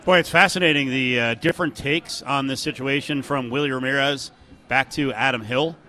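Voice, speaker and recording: A man's voice: mid-range voice, fairly quick, pushed and bright. A man hosting a sports talk radio show, chatting in a conversational, wry way.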